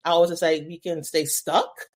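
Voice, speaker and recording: Lower-voiced woman musing reflectively. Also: little pitch movement. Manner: reflective, quick bursts, rhetorical questions. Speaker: podcast co-host. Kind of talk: casual conversational podcast chat.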